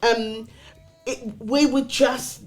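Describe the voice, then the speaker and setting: A middle-aged woman from Britain, a comedian guest chatting casually and lively, acting out quoted voices as she tells stories. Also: fairly high pitch, drawn-out words. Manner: animated storyteller who acts out quoted voices. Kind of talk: casual chat.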